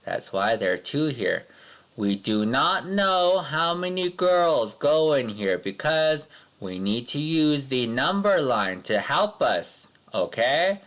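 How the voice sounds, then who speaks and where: A man teaching a math lesson to young children, patient and sing-song, counting along slowly with his pupils. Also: mid-range voice, big pitch swings, fairly bright tone.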